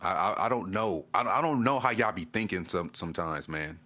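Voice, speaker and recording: Deep-voiced and brisk, this man sounds bright, animated, and forceful as he vlogs about sports. His fan commentary is an exasperated rant full of repetition, with stammers each time he starts a thought over.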